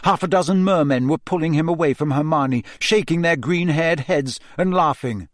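A man giving a measured, expressive scripted narration of a fantasy novel. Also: on the high side, no echo, studio quality. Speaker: audiobook narrator.

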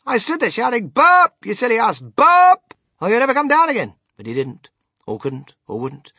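A man voicing an eccentric, excitable male candy factory owner in an audiobook, theatrical and exclamatory with swoops into high shouts. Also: moderate pace, vocal fry, husky, no echo, studio quality, exaggerated voice. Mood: exclaiming. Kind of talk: audiobook character reading.

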